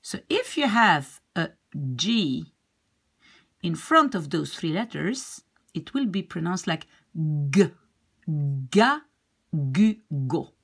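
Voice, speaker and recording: A woman teaches beginners how letters are pronounced, repeating each sound and example word patiently. Her low, husky voice has a gravelly edge. She talks slowly, and her pitch rises and falls a lot. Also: very animated, fairly bright tone. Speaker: French teacher. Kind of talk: beginner pronunciation lesson.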